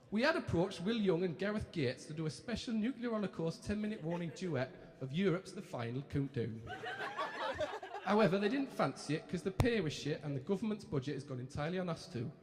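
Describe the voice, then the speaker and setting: Pushing his voice up high, a man on a live stage impersonates two chirpy young male TV hosts with a Geordie accent, going brash, sweary and mock-cheerful. He's very animated and a little fast, with crowd laughter echoing around the hall.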